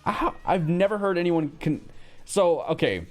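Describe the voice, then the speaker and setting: A man chatting casually on a livestream, blunt and profane, quick to react. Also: on the high side, sing-song, soft background music. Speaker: streamer.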